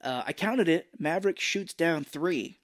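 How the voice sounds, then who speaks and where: A man co-hosting a relaxed movie podcast, walking through the plot scene by scene. He keeps slipping into quick impressions of the characters as he goes, in an easy, chatty delivery. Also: fairly high pitch. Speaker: podcast co-host. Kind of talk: casual movie recap podcast.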